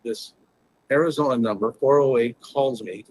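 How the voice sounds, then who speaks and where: A man's voice: mid-range voice, normal speed, dry recording, low-quality recording. A man guest in an interview, animatedly telling a personal story and acting out past conversations. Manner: animated, retells conversations in dialogue.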